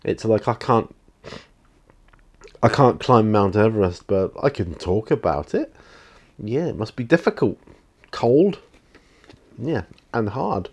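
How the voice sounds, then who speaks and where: A man's voice: lowish voice, expressive, slow pace, pauses often, slightly rough. A man hosting a hobby channel, chatting casually to camera in his home studio, rambling with restarts and fillers. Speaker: YouTube hobby channel host. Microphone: camera mic, speaking to camera.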